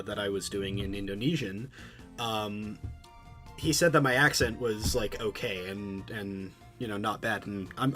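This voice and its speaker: A man's voice: on the low side, a bit bright. A man livestreaming, chatting loosely with his audience while he studies a language. He rambles, restarts his sentences and repeats words. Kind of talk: casual chat with a live chat while studying a language.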